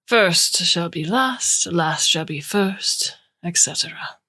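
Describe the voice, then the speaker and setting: A woman reading a slow, musing old man with a faint Romanian accent. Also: lowish voice, lively intonation, bright, forceful tone, breathy edge, heavily acted. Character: older silver-haired man, smooth and philosophical.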